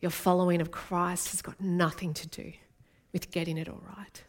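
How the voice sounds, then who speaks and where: A woman's voice: lowish voice, little pitch movement, moderate pace. A woman, from Australia, preaching an earnest and intimate sermon as a guest speaker.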